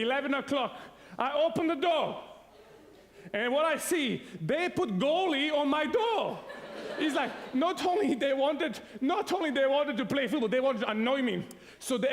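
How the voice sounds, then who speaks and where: High-voiced preacher in a reverberant hall. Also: male voice. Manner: animated storyteller, laughs often, acts out sounds and voices. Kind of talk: sermon with a humorous personal story.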